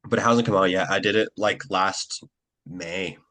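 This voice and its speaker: A young man, an actor, chatting casually in an interview, rambling with lots of fillers and quick acted-out quotes. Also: deep voice, pushed and bright.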